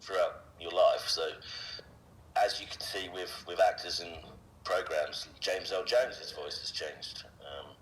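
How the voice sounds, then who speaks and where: A voice actor being interviewed, a man talking casually and haltingly, with frequent fillers and restarts. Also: low voice, a bit bright, low-quality recording. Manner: hesitant, many fillers and restarts.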